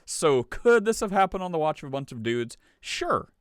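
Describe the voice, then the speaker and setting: A man's voice: on the high side, sing-song, fairly quick, clear, resonant tone, no echo, clean studio sound. A man hosting a podcast in casual chat, sarcastic and laughing often as he reads stories aloud. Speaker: podcast host.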